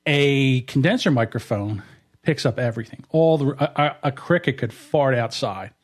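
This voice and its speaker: A man hosting a casual podcast, talking into a studio mic in a voice of ordinary middle pitch. He tells stories in a blunt, rambling way. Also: moderate pace. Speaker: podcast host. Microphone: dynamic studio mic.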